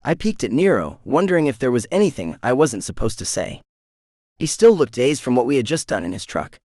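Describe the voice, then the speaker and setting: A man narrating a first-person romance audiobook in an expressive reading voice, close to the mic. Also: medium pitch, a little fast, no echo.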